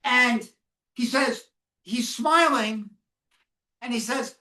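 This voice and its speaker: Woman, high voice, unhurried. Solemn first-person testimony to students with audience questions. Mic far off in an echoey room. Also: pushed and bright. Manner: questions the audience often and waits for answers; slow, solemn storytelling. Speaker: Holocaust educator speaking to students. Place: classroom or lecture hall.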